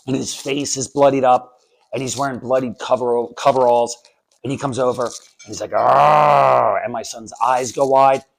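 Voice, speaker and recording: A man in his thirties from the United States telling a personal story on stage at a story slam, wry and animated. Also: medium pitch, a little hiss or hum, rough recording. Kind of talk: live story slam performance. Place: on stage before an audience.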